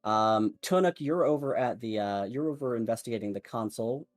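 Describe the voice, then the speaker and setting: A man narrating as game master of a tabletop role-playing game, speaking slowly and deliberately with some fillers. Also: medium pitch, no room sound.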